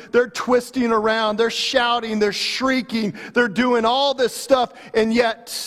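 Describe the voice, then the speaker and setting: A male pastor preaching a sermon with animated storytelling, dramatic pauses and big swings in volume. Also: sits high. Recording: long hall reverb.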